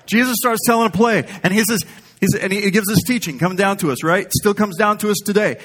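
A man's voice: high voice, fast, a bit bright. Rambling, humorous preacher man. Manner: conversational, humorous, rambling storyteller. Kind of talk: sermon.

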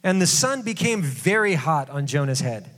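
A male pastor giving a casual sermon, conversational and jokey with quick asides. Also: a little high, big pitch swings, fairly bright tone. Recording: long hall reverb.

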